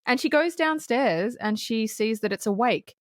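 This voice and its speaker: A woman co-hosting a casual movie review podcast, cursing freely, laughing often and acting out scenes in quick voices. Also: on the high side, expressive, no echo, studio quality. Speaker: podcast co-host.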